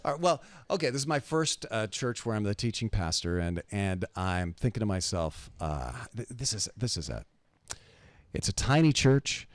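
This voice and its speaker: A pastor telling a lively story as a radio guest, animated and acting out the people in it. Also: male voice, lowish voice, moderate pace, no room sound. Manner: animated storyteller, acts out voices.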